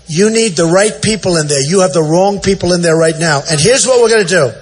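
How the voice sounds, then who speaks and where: Boastful older man shouting at a rally. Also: sits high, fairly quick, a little hiss or hum. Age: 60s. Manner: boastful, repetitive, off-the-cuff; often shouting to the crowd. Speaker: political candidate. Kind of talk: campaign rally speech. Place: large indoor event center.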